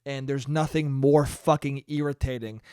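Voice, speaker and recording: A man's voice: medium pitch, fairly even intonation, moderate pace, darkish tone, smooth, dry recording, clean studio sound. A young man hosting a solo podcast, ranting casually with exasperation and plenty of profanity. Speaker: podcast host.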